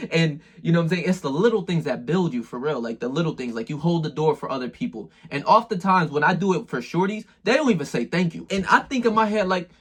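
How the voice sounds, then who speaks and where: A man's voice: fairly high pitch, expressive, brisk, slightly rough. A man talking straight to the viewer in a casual motivational monologue, full of slang and swearing. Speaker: self-improvement video maker.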